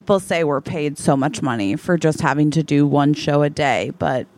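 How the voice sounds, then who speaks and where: A woman's voice: sits low, moderate pace, a little mellow, no room sound. A woman co-hosting a comedy podcast, playing along with an improvised romance with wry one-liners. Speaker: podcast co-host.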